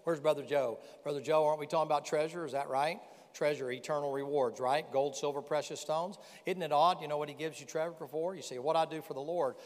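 A man's voice: on the high side, quick pace. Folksy preacher man in a big reverberant hall. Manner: folksy, animated preaching with rhetorical questions. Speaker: pastor. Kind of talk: sermon. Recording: long reverb in a large hall.

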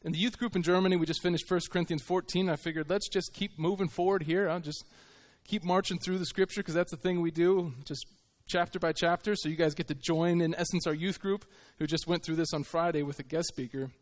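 A fairly high-voiced man preaching a sermon as a visiting missionary. He speaks earnestly and conversationally, often pausing and restarting mid-thought. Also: steady tone.

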